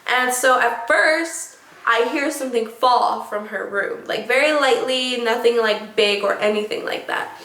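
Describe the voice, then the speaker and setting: Excitable young woman telling ghost stories. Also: fairly high pitch, unhurried. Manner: excitable, many fillers like "like" and "oh my gosh". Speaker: vlogger. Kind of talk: casual storytelling. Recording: echoey room.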